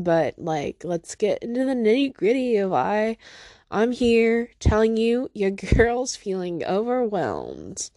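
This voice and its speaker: A woman's voice: medium pitch, sing-song, slow, dark tone, no echo, clean studio sound. A woman hosting her own podcast in a casual, rambling solo monologue from home, teary after crying, self-deprecating and stopping to talk to her cat. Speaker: podcast host.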